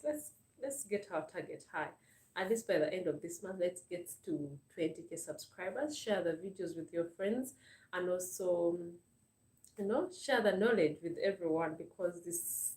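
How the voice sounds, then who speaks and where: A woman's voice: fairly low pitch, darkish tone, distant mic. A woman with a Ugandan English accent, hosting a live stream in a casual, earnest chat full of thanks and fillers. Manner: earnest, grateful, repeats words and uses many fillers. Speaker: channel host. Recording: roomy sound, voice a bit off-mic.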